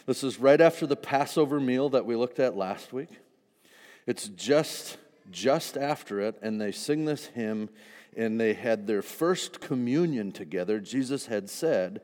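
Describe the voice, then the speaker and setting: A man preaching a sermon in a conversational, animated way, acting out the disciples with humor. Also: medium pitch, normal speed, in a large hall. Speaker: pastor.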